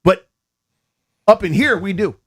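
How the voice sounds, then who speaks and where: His voice sits high with a breathy edge, and he keeps a measured pace. He's an American man hosting a sports radio show, an animated, jokey storyteller rambling through a casual studio chat on a studio mic.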